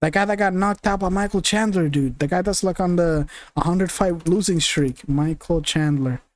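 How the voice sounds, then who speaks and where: A man's voice: high voice, moderate pace. Rambling young man streaming, swearing and laughing. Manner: rambling, laughs often, swears, forgets names. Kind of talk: casual live-stream commentary.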